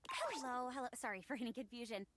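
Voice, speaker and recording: A woman voicing a flustered, overworked chair who is an actor in a game, speaking in a hurried way. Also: on the high side, big pitch swings, heavy background noise. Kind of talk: game voice acting.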